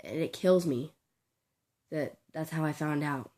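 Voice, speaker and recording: A young woman with a sore throat talking in a personal vlog, halting, tearful and full of restarts. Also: sits low, mellow. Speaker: vlogger.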